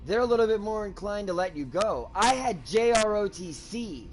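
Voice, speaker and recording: A man's voice: high voice, lively intonation, moderate pace, few pauses, slight background noise. A man co-hosting a gaming stream, telling school stories casually with some swearing. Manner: casual, profane storytelling. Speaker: co-host of a gaming channel. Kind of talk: casual chat while gaming.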